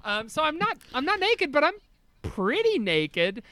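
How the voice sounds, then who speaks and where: A man co-hosting a comedy podcast, rambling excitably and swearing freely in casual chat. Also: extremely high pitch, measured pace, dry recording. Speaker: podcast co-host.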